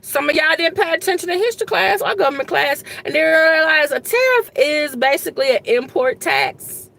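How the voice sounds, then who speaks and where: Talking politics directly to her viewers, a woman who teaches history and government sounds high, expressive, gravelly, and fairly bright, at a normal speed. Her commentary is casual and rambling, tinged with exasperation, with "y'all" coming up often.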